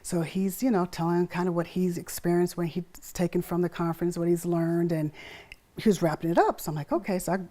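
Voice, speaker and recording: Animated low-voiced woman telling a story. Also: fairly quick. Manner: animated, acts out quotes with pitch swings and laughter. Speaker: guest. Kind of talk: casual storytelling interview.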